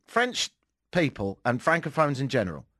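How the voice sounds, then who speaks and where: Brief: British man, radio host, sarcastic banter, average pitch, dead-dry studio sound. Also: wildly swooping pitch, normal speed, pushed and bright, no room sound. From Britain. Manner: joking, sarcastic, laughs often. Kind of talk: casual talk radio chat.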